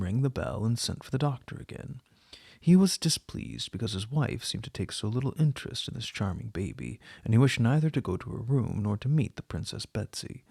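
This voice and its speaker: A man reading a classic novel aloud as an audiobook, in a measured, even narration. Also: mid-range voice, gravelly, breathy edge, no echo, studio quality. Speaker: audiobook reader.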